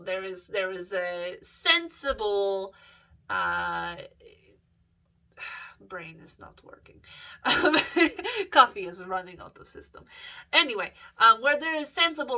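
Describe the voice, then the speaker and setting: A woman's voice: mid-range voice, vocal fry, sharp tone. A young woman vlogging in a casual, rambling monologue, swearing freely and trailing off with fillers and self-corrections.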